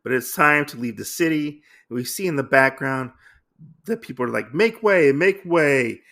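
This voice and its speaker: Guy rambling through a comic recap, gravelly and bright, lots of uhs and likes. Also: mid-range voice, moderate pace. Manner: rambling with many fillers and restarts, reads lines in loose voices. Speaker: podcast host recapping a comic.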